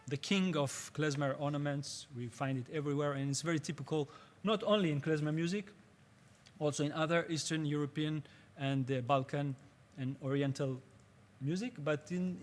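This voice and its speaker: Male workshop teacher, slightly raised pitch, patient and halting, searching for English words. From Israel. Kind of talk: spoken workshop lecture.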